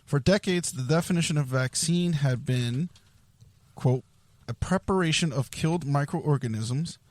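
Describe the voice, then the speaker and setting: A man's voice: medium pitch, unhurried, dry recording. A man hosting a casual podcast, reading an article aloud and stumbling over long words. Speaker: podcast host.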